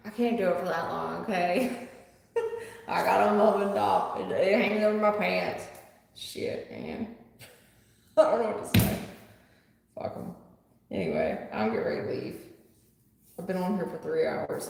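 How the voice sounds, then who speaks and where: Gravelly blunt woman in an echoey room. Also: fairly low pitch, sing-song, moderate pace, long pauses, darkish tone. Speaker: tarot reader hosting a live stream. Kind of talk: casual live-stream chat. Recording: very echoey room with long reverb.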